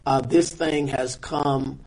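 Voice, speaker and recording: Pastor guy, husky voice, earnest and halting, lots of uh's. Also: medium pitch, fairly even intonation, darkish tone, rough recording. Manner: measured, halting speech with many "uh" fillers. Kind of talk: interview guest, earnest testimony.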